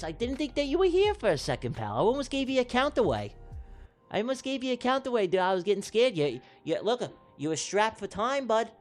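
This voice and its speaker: A man hosting a livestream, calling comic races like an excitable sports commentator, jumping from mock-serious to shouting names. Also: on the high side. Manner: excitable, jokey race-caller, shouting names. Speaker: livestream host running giveaway races.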